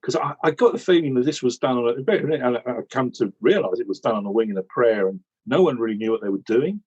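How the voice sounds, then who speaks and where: A man from England talks in a loose, animated, rambling way, circling back and restarting sentences as he tells a story. His voice is a little husky and sits at an ordinary pitch. The sound is slightly muffled, like a remote call. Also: fast. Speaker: regular commentator recalling how he joined. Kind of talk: casual chat.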